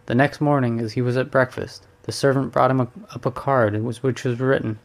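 A male narrator reading a classic story aloud in a measured way. His voice stays flat and even, in a middle register. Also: medium pitch.

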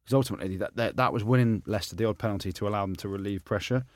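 A low-pitched man in casual podcast banter, teasing his co-hosts and shooting up in pitch when he can't believe what he hears. The sound is dry and close, with no room around it. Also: racing, no room sound. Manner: animated, teasing banter, rising high when incredulous. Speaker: podcast co-host, former rugby player. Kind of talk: casual chat.

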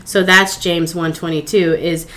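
A woman's voice: lowish voice, level tone, unhurried, fairly bright tone. A woman co-hosting a faith podcast, talking conversationally and checking in with tag questions. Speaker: podcast co-host. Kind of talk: faith-based casual chat.

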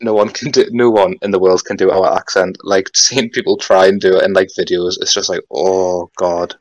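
Young Geordie man, podcast guest, very low voice, dry close mic, relaxed rambling chat. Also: a little fast, no echo, poor audio. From North East England. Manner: laid-back, rambling with many fillers and some swearing. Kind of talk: casual chat.

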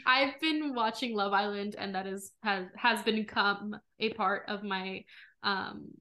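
A woman's voice: mid-range voice, steady tone, measured pace, sharp tone. A young woman co-hosting a podcast in casual chat, talkative and giggly, full of "like" and "um". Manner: chatty, giggly, fillers like "like" and "um". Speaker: podcast co-host.

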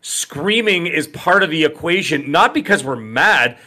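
A middle-aged man from Canada co-hosting a casual podcast chat, talking loudly and emphatically. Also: fairly high pitch, lively intonation, unhurried. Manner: loud, emphatic delivery. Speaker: podcast co-host.

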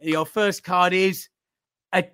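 A man's voice: high-pitched, steady tone, slow pace, fairly bright tone, clean tone, dry recording. A man running a jokey game-show quiz on a fan podcast, with playful mock-presenter patter.

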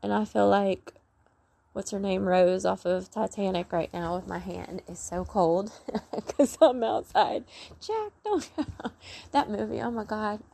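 A woman's voice: medium pitch, gravelly, a little mellow, slight background noise. A woman outdoors giving an earnest, rambling faith testimony. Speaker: vlogger sharing faith message. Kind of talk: heartfelt spoken testimony.

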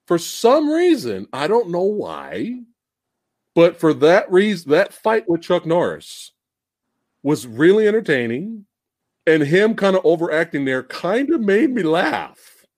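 A young man chatting on a home livestream about a movie, his voice lively and leaping around as he excitedly acts out scenes and laughs. He sits a bit high in pitch and sounds dry and close, with no room around him. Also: measured pace, dry recording. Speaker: host of a movie review stream. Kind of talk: casual livestream chat. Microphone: home streaming setup with camera.

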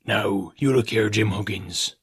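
A man voicing a cunning old male pirate cook, speaking in a slow, low, confiding drawl. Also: breathy edge. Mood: scheming.

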